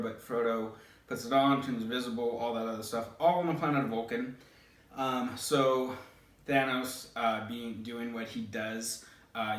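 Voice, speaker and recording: Rambling low-voiced man, echoey room. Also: a bit bright. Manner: rambling, hesitant fillers. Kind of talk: casual storytelling. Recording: roomy, distant mic.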